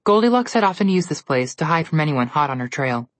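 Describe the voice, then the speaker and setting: A woman narrating a storybook tale in a steady, even manner. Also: low-pitched, fast, dry recording.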